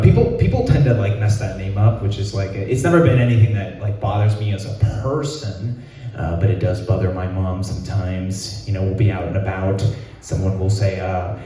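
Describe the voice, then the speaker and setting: A young man performing stand-up with a self-deprecating, halting delivery. His voice sits low and mellow. He is heard from some distance, and the space around him is very echoey. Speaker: stand-up comedian. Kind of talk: stand-up comedy set. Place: free comedy show. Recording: roomy echo, mic far off.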